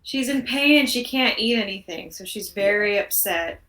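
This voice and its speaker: A woman's voice: medium pitch, animated, moderate pace, a crowd in the background, low-quality recording. A woman playing in a tabletop game, chatting casually over a voice call. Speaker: player.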